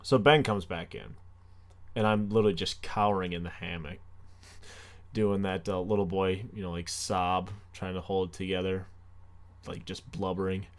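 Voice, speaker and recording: A man's voice: sits low, flat delivery, normal speed. A young man hosting a comedy podcast, telling a story animatedly with self-mocking sarcasm. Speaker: podcast host. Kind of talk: comic storytelling.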